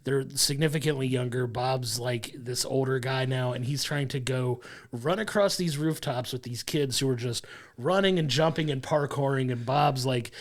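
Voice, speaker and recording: Gravelly-voiced man reviewing a film. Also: mid-range voice, moderate pace. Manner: enthusiastic, rambling, laughs along. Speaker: podcast co-host. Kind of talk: casual film review chat.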